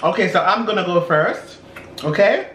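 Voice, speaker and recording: A man's voice: high-pitched, normal speed, over loud music. A man hosting a casual mukbang chat and running a guessing game, playful and teasing. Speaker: host. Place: indoors at a dining table. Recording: roomy room, faint noise.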